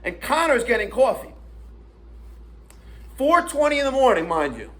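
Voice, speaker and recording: Fired-up man ranting, high and lively. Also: moderate pace. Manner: indignant, profane, animated retelling. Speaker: vlogger. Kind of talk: storytelling rant to camera.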